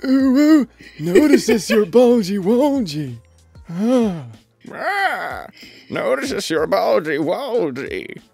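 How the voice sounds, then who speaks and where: A doddering old man, as a man puts him on, with a voice pushed up high and squeaky. He drags his words out slowly in a quavering, silly way. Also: sing-song, creaky, a little mellow, breathy edge, no room sound, soft background music, full character voice. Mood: teasing.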